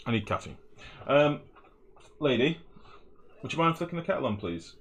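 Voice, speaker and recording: A man's voice: mid-range voice, very animated, moderate pace, fairly bright tone, breathy edge. A man streaming a game live, rambling and swearing as he builds, often humming and mumbling to himself. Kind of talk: live gameplay commentary.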